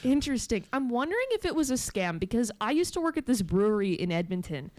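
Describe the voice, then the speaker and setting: A woman's voice: a little high, very animated, quick pace, darkish tone, no room sound. A woman co-hosting a morning radio show, chatting in a playful, casual way. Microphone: studio microphone.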